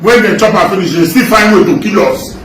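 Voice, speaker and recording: Impassioned high-voiced Nigerian Pidgin protester. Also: male voice, fairly quick, fairly bright tone. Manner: impassioned, repetitive, denouncing. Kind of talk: street protest speech. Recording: roomy, distant outdoor mic with faint background noise.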